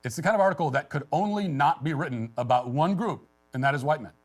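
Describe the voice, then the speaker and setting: A man giving sarcastic, deliberate political commentary, reading an article aloud. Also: fairly high pitch. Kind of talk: scripted commentary.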